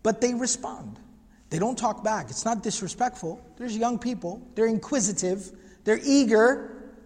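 A man with a fairly high voice teaches a religious lecture class, pressing his points home by repeating phrases and firing off rhetorical questions. He slips Arabic phrases into his speech, and a long reverb trails each line as if he were in a large hall. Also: animated, measured pace, a little mellow. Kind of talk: lecture class on prophetic biography.

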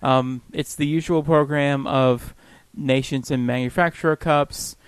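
A man's voice: mid-range voice, fairly even intonation, a little slow, clean tone, no room sound. A man co-hosting a casual podcast chat, laughing often and poking fun at himself. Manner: laughs often, self-deprecating. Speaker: podcast co-host.

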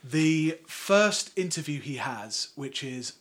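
A man co-hosting a podcast in casual chat, animated and sardonic, talking in long run-on sentences. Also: a little high, slow pace. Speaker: podcast co-host.

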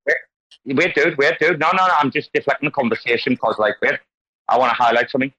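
A man's voice: mid-range voice, fast, sharp tone, lo-fi sound. A man hosting an online community call, talking casually and animatedly as he wanders into tangents and lectures about word stress. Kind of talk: casual group call chat.

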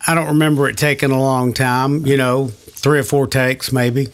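A man's voice: mid-range voice, flat delivery, normal speed. An older man recalling past recording sessions in an oral history interview, rambling and searching for names.

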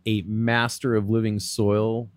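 A man's voice: lowish voice, little pitch movement, slow pace, no room sound, studio quality. A man hosting a podcast, easygoing, laughing along and asking questions in casual chat. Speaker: podcast host.

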